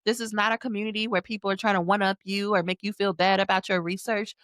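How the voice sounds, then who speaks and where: A woman's voice: medium pitch, flat delivery, quick pace, a bit bright, no room sound. Frank, emphatic woman coach. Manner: emphatic, conversational, acts out quotes in other voices; casual, frank, uses slang. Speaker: dissertation coach. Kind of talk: motivational sales pitch to camera.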